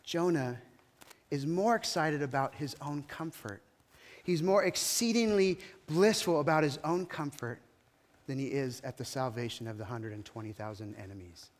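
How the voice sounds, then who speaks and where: A man's voice: medium pitch, normal speed, big-room sound. A man preaching a sermon as a pastor, retelling a story in a conversational, dramatic way.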